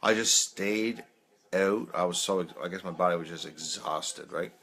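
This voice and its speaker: This peer support live chat host, a man in his thirties, has a deep, fairly bright voice at a normal pace. Telling casual personal stories on live video, he rambles, laughs frequently, and leans heavily on "man."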